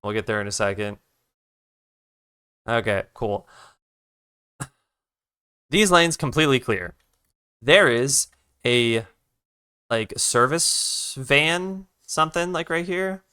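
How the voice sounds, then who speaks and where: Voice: mid-range voice, lively intonation, slow pace, pauses often, sharp tone, clean tone, no echo, studio quality. An art streamer telling a road-trip story while drawing, ranting with lots of swearing and quoting other drivers. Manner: profane, ranting, retells the conversation in others' voices; restarts sentences while redrawing.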